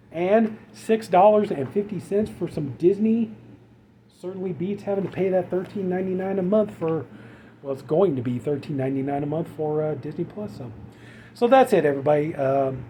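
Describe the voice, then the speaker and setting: Exasperated, high-voiced man ranting casually. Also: mellow, slight background noise. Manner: rambling, exasperated, many fillers. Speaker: channel host. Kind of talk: casual vlog rant.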